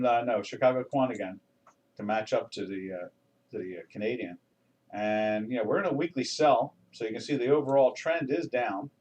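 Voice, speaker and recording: A man's voice: medium pitch, a little mellow, distant mic. An older man hosting a live trading webinar, talking through charts in a folksy, rambling way with many restarts and fillers. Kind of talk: casual live market commentary.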